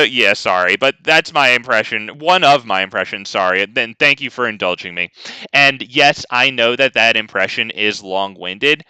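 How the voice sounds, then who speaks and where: A man's voice: mid-range voice, normal speed, bright, forceful tone, clean tone, no echo. A man streaming a card game, ranting casually and talking to his chat. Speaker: gaming streamer. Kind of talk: casual live gameplay commentary.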